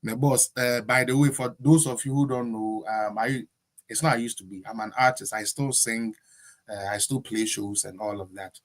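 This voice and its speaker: A man's voice: medium pitch, fairly even intonation, moderate pace. A Ghanaian man chats loosely on his own political stream. He rambles and switches between English, local words and a put-on Jamaican patois. He talks in an ordinary mid-range voice. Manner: slips into Jamaican patois with shout-outs. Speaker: political show host. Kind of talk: casual live-stream chat.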